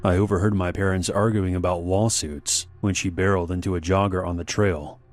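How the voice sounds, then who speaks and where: A man narrating an animated horror story in a measured, slow storytelling manner. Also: sits low. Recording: faint background music.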